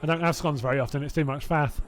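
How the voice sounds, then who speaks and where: His voice sits on the high side, steady in tone and rapid-fire, with a little background noise. He's a man from Hertfordshire, England, with a southern accent, live-commentating a sim race and rambling to viewers between calls, full of self-doubting asides and private laughter.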